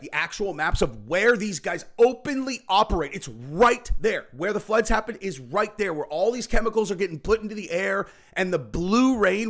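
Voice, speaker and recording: On his political reaction show, a man rants furiously and profanely, punctuating his points with "okay?" and "right?" in heated commentary. His voice sits high with a fairly bright tone.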